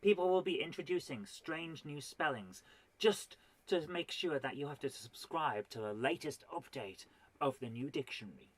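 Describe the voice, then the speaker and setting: A woman's voice: low-pitched, lively intonation, moderate pace. A woman performing a stand-up comedy routine, full of exasperated rhetorical questions and mock indignation.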